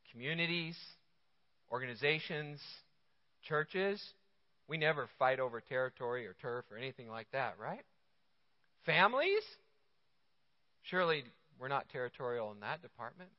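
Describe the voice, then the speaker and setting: Pastor preaching in a reverberant hall. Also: male voice, on the high side, sing-song, moderate pace, long pauses. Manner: conversational, rhetorical questions, playful asides. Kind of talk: sermon. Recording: dull lo-fi sound with long hall reverb.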